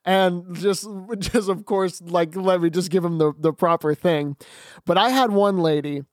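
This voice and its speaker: High-voiced teenage guy in chat. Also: fairly even intonation, no room sound, clean studio sound. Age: teens. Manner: chatty, quick to laugh. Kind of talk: casual storytelling chat.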